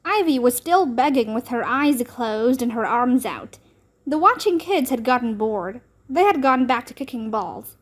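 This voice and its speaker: Slow, expressive woman reading a storybook. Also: fairly high pitch. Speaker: storybook reader. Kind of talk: children's book read-aloud.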